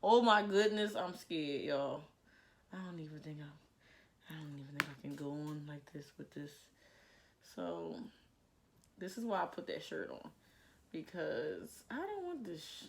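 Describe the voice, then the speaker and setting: Young woman, hair care vlogger, gravelly, slow, casual tutorial chat, faint background hiss. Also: low-pitched, big pitch swings, a little mellow. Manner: chatty and self-mocking, jittery with nerves. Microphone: plugged-in microphone.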